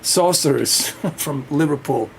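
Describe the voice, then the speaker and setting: A man's voice: fairly high pitch, takes it slowly, vocal fry, a little hiss or hum. A man chatting casually on a livestream, rambling and swearing freely. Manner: rambling and profane, with frequent restarts and laughs.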